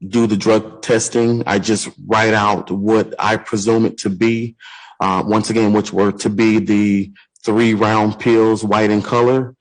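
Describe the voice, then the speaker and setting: Low-voiced deputy giving hesitant testimony. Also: male voice, poor audio. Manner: hesitant, formal, answers with "yes, sir". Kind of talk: courtroom testimony.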